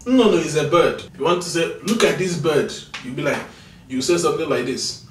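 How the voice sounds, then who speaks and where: A tired man teaching vocabulary in a casual video lesson, repeating each word slowly for pronunciation and chatting between drills. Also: a little high, lively intonation, far from the mic, slight background noise. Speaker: language teacher. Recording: echoey room, mic set back.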